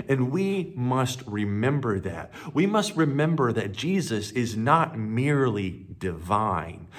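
Pastor guy giving a sermon, slow and deliberate, lots of ups and downs in his voice, kinda raspy. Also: lowish voice. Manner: emphatic preaching, voice rising on scripture quotes.

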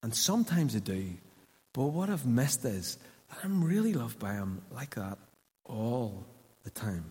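A man preaching a sermon in a church hall, conversational and earnest, dropping to hushed asides. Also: medium pitch, very animated, moderate pace, slightly rough. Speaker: pastor.

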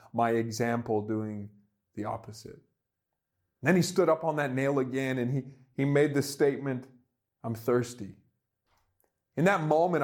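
A man preaching a sermon in an earnest way, rising to emphatic peaks and dropping to hushed, quiet tones. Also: mid-range voice. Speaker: pastor.

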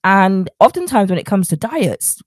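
A woman's voice: mid-range voice, big pitch swings, moderate pace, no room sound. A woman with an English accent hosting her own podcast as a fat-loss coach, chatty and direct, talking to listeners as friends. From England. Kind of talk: casual podcast monologue.

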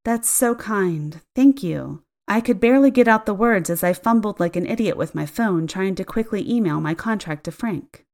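A woman narrating a first-person story in an expressive, audiobook storytelling style. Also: mid-range voice, fairly quick, hardly any pauses. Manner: expressive storytelling, acting out dialogue.

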